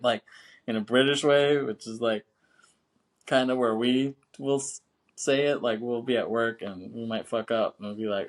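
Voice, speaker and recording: Laid-back podcast host, laughing and swearing. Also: male voice, fairly low pitch, fairly even intonation, unhurried. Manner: laid-back and chatty, laughs often, swears, keeps saying "you know what I'm saying". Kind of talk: casual film podcast chat.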